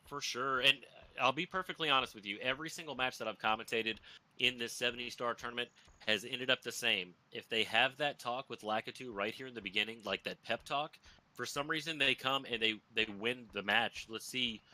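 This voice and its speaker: A man's voice: mid-range voice, fairly quick, sharp tone. A man commentating a live speedrun race, upbeat and hyping up the viewers. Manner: upbeat, hype-building, talks to chat and runner.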